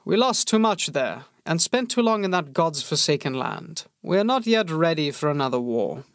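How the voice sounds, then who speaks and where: A man voicing a cool, deliberate noble lord. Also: on the high side, very animated, no echo, clean studio sound. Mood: measured. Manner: slow, deliberate and thoughtful.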